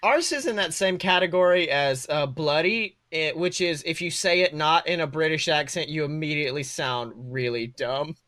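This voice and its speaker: A man's voice: fairly high pitch, normal speed, hardly any pauses, bright, forceful tone, no echo. A man co-hosting a casual podcast chat, joking, swearing and mimicking voices. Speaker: podcast co-host.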